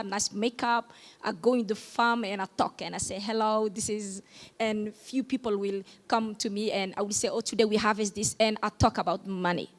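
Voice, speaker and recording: A woman from Djibouti whose first language is Somali, speaking on a panel in English and often pausing to search for words. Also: fairly high pitch. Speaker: panelist, farmer and podcaster. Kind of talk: panel discussion.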